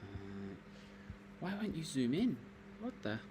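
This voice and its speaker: A man's voice: mid-range voice, big pitch swings, takes it slowly, noisy background. A man hosting a laid-back livestream, chatting to viewers on a laptop mic while he works at his computer. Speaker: livestream host. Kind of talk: casual livestream chat. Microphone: laptop microphone.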